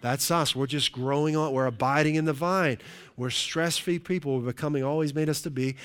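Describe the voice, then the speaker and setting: A middle-aged man delivering a sermon from the pulpit in a somewhat high voice. He preaches in a conversational way and keeps checking in with his listeners with "right?". His tone stays plain and direct. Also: fairly even intonation, a little fast, fairly bright tone, clear, resonant tone. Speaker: pastor.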